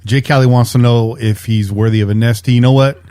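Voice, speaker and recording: A man's voice: mid-range voice, fairly quick, clear, resonant tone, dry recording. A male co-host with a mid-range voice, recorded close and dry with no room sound. He chats easily and jokes with his partners. His tone is loose and conversational. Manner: relaxed, joking banter. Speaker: podcast co-host. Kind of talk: casual chat.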